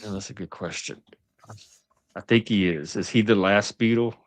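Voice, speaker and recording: A man's voice: on the low side, moderate pace, no room sound. A middle-aged man in casual panel chat, chatty and enthusiastic. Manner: chatty, enthusiastic about music. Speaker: podcast panelist.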